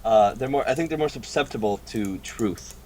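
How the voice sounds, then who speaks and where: A man's voice: mid-range voice, moderate pace, mellow. A man calling into a stream, fawning and hesitant. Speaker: caller.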